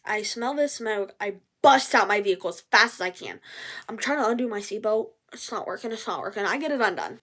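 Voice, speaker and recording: A young adult woman telling a story in a casual vlog, animated, swearing and acting out what people said. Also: medium pitch, a little fast. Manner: animated, swears, acts out quotes.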